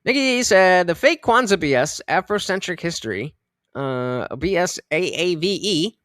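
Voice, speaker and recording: Male streamer, rambling reaction commentary; high, bright, dry close mic. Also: lively intonation, normal speed, no echo. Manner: rambling, many fillers and restarts. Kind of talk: casual live-stream commentary.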